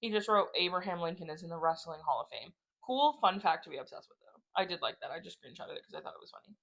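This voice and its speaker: A woman's voice: fairly low pitch, lively intonation, fast, creaky, a bit bright. A young woman co-hosting a casual podcast chat, talking loosely with lots of "like", swearing and laughing. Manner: reads dating app messages aloud in mocking voices. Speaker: podcast co-host.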